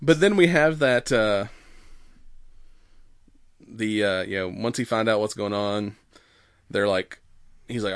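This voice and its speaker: A man's voice: fairly low pitch, slow pace, long pauses, smooth, dry recording, clean studio sound. A man in casual podcast chat, retelling a film with lots of laughter and acted-out quotes. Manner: animated storytelling, acts out quotes, laughs often. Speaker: podcast co-host. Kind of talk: casual movie recap chat.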